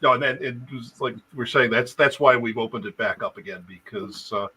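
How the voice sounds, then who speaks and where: A male guest in a casual live-stream chat, telling his story in a lively way with chuckles. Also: medium pitch, a little fast, slightly rough, rough recording.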